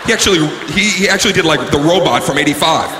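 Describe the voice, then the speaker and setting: Male stand-up, fairly high, lively delivery with shouted bursts, live stage recording. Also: fast. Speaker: stand-up comedian. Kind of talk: stand-up comedy set. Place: comedy stage before an audience. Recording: live show recording, reverberant hall, faint room noise.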